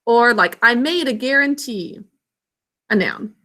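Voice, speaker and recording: A woman teacher leading a phonics and spelling lesson, stretching words out slowly and prompting the class to repeat after her. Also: a little high, animated, bright, forceful tone. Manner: slow, drawn-out enunciation of words and sounds; call-and-response prompting.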